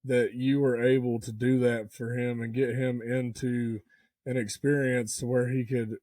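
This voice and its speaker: A man co-hosting a podcast responds in a relaxed, easygoing, encouraging way. His voice sits at an ordinary pitch, and the recording is close and dry with no room sound. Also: a little slow, no room sound. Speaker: podcast co-host. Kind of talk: casual chat.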